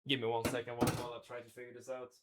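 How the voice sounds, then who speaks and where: This kitchen livestreamer races through his casual commentary in a completely flat, medium-pitched voice, and the recording is very noisy. He cooks at home, thinking aloud and talking with his viewers.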